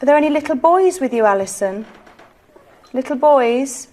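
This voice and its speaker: Woman, high-pitched, gently coaxing séance leader. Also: animated, moderate pace. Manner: soft, coaxing, pleading questions. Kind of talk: ghost-hunt séance questioning.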